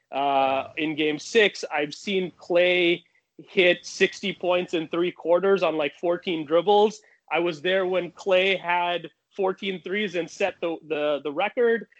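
A man tells a long personal story in a casual, animated way, often restarting his sentences. His voice sits a little high, and the sound is dull and lo-fi. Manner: animated, fast anecdotes with many restarts.

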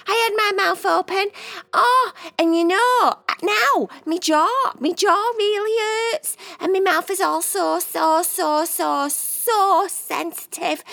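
A woman's voice: very high voice, gravelly, a bit bright, full character voice. A woman voicing a dramatic, exaggerating female cat in a children's bedtime story. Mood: complaining.

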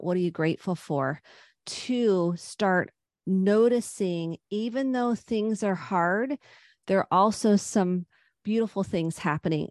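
A middle-aged woman psychotherapist, a podcast guest, gives earnest, gentle advice on parenting and anxiety. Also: mid-range voice, no room sound, studio quality. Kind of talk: podcast interview.

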